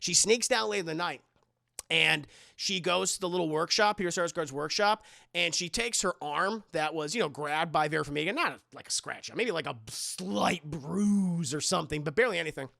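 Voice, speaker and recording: A man's voice: on the high side, moderate pace, creaky, sharp tone, dry recording. A man recapping a movie plot casually, rambling, stammering and swearing as he goes, on a close dry mic. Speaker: movie reviewer streamer.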